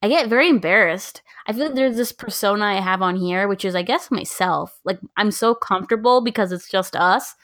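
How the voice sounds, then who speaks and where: A woman co-hosting a podcast in relaxed, casual conversation, her voice at an ordinary pitch. She talks candidly and pokes fun at herself, often quoting her own reactions. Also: fairly quick, few pauses. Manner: candid, self-deprecating, quotes herself in asides. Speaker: podcast co-host. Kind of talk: casual chat.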